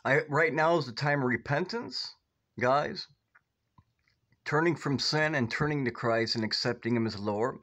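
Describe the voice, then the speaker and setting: A man from the United States hosting his own video, talking urgently and over and over saying "guys" and "okay", getting loud and high when worked up. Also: measured pace. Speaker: video host. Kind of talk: preachy casual vlog talk. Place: outdoors in northwest Ohio.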